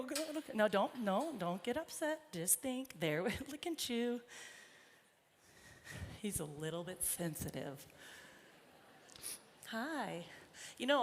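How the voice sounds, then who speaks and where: Speaking at normal speed in a lowish voice with lively intonation, a horse trainer encourages her colt and talks with the crowd during a live demonstration. She's in a large indoor horse arena, which sounds reverberant with faint noise.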